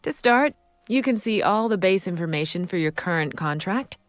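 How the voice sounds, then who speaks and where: A woman voicing a calm in-game tutorial guide, her scripted voice-over flat, even and oddly detached. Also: medium pitch, normal speed, no room sound, natural voice.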